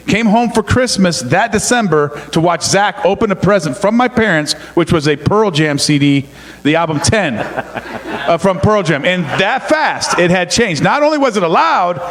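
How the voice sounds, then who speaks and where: A middle-aged man tells stories from the pulpit in a chatty, joking way and pokes fun at himself. His voice sits fairly high. The sound carries the long echo of a church hall. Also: fairly bright tone. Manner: joking, self-mocking, chatty. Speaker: pastor's son, co-preacher. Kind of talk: casual storytelling sermon.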